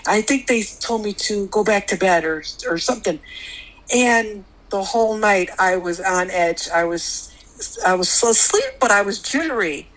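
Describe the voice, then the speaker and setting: A middle-aged woman guest telling a personal experience on a podcast, rambling, restarting often, and jumping higher when she quotes others. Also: normal speed, a bit bright, rough recording. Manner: rambling, full of restarts, jumps high when quoting others.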